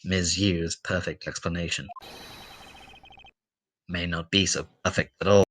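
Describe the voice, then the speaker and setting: A woman voicing a cool, formal male prosecutor with measured, deliberate speech while reading game dialogue. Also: rumbling low, fairly even intonation, fairly bright tone, a little hiss or hum, pitched below the performer's own voice. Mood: composed.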